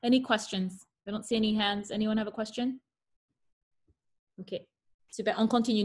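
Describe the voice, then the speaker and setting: A woman's voice: medium pitch, fairly even intonation, normal speed, long pauses, darkish tone. A woman teaching French pronunciation in an online class over a video call. She reads French examples carefully and adds playful asides.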